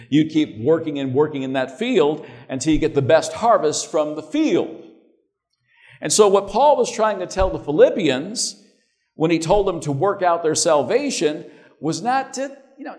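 A male preacher delivering a sermon in a relaxed, conversational way, often restarting his phrases. His voice sits a little high for a man. It rises and falls widely, with emphatic peaks and quiet stretches. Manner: conversational, repeats words when starting.

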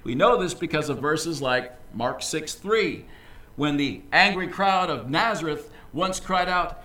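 Lively preaching man in an echoey church. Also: a little high, measured pace. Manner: lively, conversational preaching with asides. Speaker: pastor. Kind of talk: sermon. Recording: echoey room, voice from a distance.

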